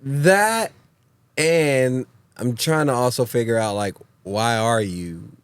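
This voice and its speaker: A man's voice: medium pitch, takes it slowly, clear, resonant tone, no room sound. A man co-hosting a casual chat, laid-back, mostly giving short replies.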